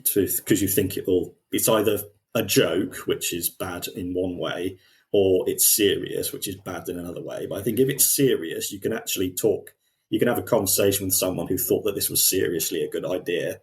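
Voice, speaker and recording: A man co-hosting a podcast, talking in an animated way with many restarts and acted quotes. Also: low-pitched, moderate pace. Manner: animated, quotes people in put-on voices, frequent restarts. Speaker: podcast co-host. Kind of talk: casual discussion.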